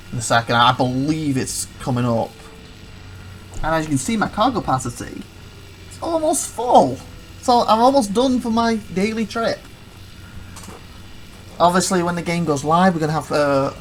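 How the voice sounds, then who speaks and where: Let's play host: mid-range voice, chatty, animated retelling, lots of restarts. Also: medium pitch, slight background noise. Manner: chatty, excitable storytelling with laughs; self-correcting, rambling. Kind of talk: casual gameplay commentary.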